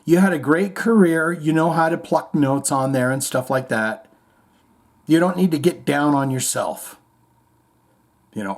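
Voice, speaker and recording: Fairly high-pitched and a little slow, this man pauses often as he hosts a casual show. He reads music news aloud, mock-reads quotes, and rambles through irreverent, profane commentary.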